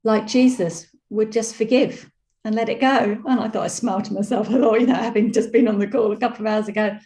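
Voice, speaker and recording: A woman calmly telling a personal story on a video call, reflective and full of fillers. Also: fairly high pitch, fairly quick. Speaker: program participant sharing a story. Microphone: video call microphone. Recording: roomy echoey video call audio.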